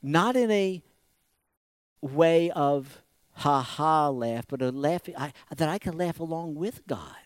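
Man, fairly high voice, dry close sound, dramatic preaching, middle-aged. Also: slow pace, no echo. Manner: dramatic preaching, acting out God's voice and quotes with big swings in volume. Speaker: pastor. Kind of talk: sermon.

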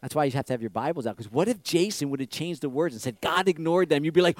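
High-voiced man preaching a casual sermon. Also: expressive, quick pace, hardly any pauses, dry recording, studio quality. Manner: repetitive, rhetorical questions, swings from loud to hushed. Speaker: pastor. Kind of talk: conversational sermon.

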